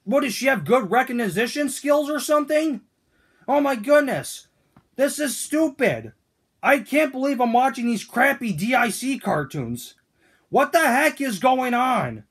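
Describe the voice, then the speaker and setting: A man's voice: extremely high pitch, big pitch swings, a little slow, a bit bright, slightly rough, exaggerated voice. A man voicing Toad as a grumpy, whiny male figure in a fan-made cartoon, ranting with indignant questions.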